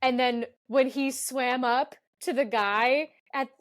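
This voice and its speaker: A woman's voice: high-pitched, steady tone, slow pace, fairly bright tone. A woman from Kentucky co-hosting a podcast, chatting casually and often stopping to restart her sentences. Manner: chatty, self-interrupting. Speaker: podcast co-host. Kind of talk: casual chat.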